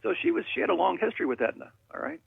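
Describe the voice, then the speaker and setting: A man's voice: high-pitched, wildly swooping pitch, racing, vocal fry, slightly rough, no room sound. A man calling in to a radio show, telling rambling, jokey stories over a phone line. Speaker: caller.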